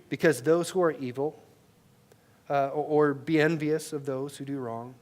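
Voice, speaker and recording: A male pastor preaches conversationally into a headset mic, tagging lines with "right?" and shifting from loud, emphatic peaks to quiet, low asides. His intonation is fairly even and his speed normal.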